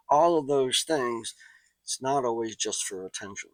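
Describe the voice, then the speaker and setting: A man's voice: mid-range voice, fairly bright tone, dry recording, poor audio. A man giving a recorded college psychology lecture in a loose, conversational way, with asides and anecdotes. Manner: conversational, digressive, with asides and quick impressions.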